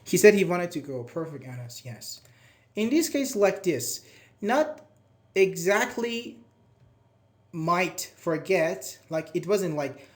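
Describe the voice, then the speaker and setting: A man's voice: high-pitched, very animated, takes it slowly. A male teacher, leading a live online class in a chatty, encouraging way, praising students by name and asking them questions. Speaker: English teacher.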